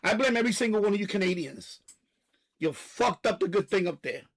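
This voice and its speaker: Very high-voiced man ranting loudly. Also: lively intonation, brisk, rough recording. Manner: loud, profane, repetitive ranting. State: out of breath. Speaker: live stream host. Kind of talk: ranting live stream monologue.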